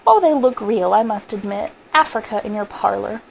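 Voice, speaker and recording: A woman reading aloud, voicing a calm, gently teasing husband in a story, with a faint hiss behind her. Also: mid-range voice, moderate pace, creaky, rough recording. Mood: reassuring. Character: weary amused husband, a man in his prime. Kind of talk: audiobook reading.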